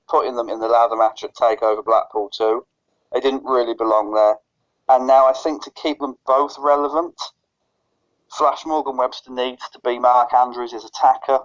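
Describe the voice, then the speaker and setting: A man co-hosting a podcast in casual chat, often stuttering and restarting his phrases. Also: mid-range voice. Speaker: podcast co-host. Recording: lo-fi dull recording.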